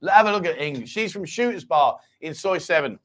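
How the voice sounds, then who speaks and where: A man's voice: on the high side, lively intonation, fairly quick, fairly bright tone. A man hosting a casual live-stream chat show from a small home studio, jokey and rambling as he reads out viewer comments. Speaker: host.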